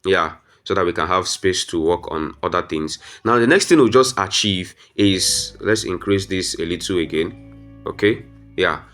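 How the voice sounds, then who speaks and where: Low-voiced man walking through a design tutorial. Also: normal speed, fairly bright tone, soft background music. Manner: step-by-step instructions, frequent "um" fillers, addresses viewers as "guys". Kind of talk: screen-recorded software tutorial.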